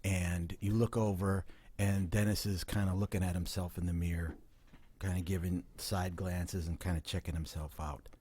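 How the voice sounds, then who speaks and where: A man's voice: sits low, level tone, normal speed, warm tone, husky. A man hosting a podcast, explaining and reasoning through an argument in casual banter. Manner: explaining patiently, reasoning, building a case. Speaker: podcast host.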